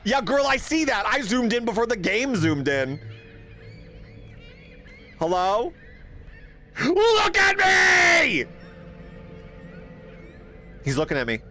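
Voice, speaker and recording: A young man streaming a horror game, swearing, yelping and laughing loudly whenever something startles him. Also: high voice, expressive, fairly quick, hardly any pauses. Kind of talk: live horror game playthrough.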